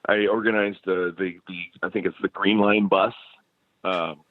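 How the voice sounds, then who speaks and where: An American man with a deep voice, speaking at a moderate pace, appears as a musician guest in a casual interview, telling stories animatedly while laughing often and restarting his sentences a lot. The recording is dry and sounds like a tinny phone line.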